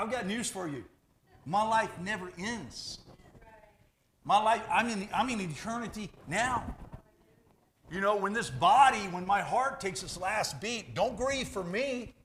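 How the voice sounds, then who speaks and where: A man preaching a sermon as pastor, animated and conversational, jumping from loud bursts to hushed asides. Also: high-pitched, a little hiss or hum.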